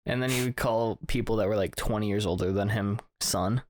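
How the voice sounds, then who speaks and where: A man's voice: lowish voice, brisk, no room sound, studio quality. A young man co-hosting a podcast, telling stories and teasing dryly in casual chat. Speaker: podcast co-host.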